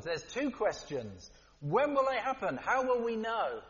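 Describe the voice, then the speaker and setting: A man preaching a sermon in a lively, conversational way, with playful asides. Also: high voice, a little slow. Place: church hall. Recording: dull, long-reverb church hall.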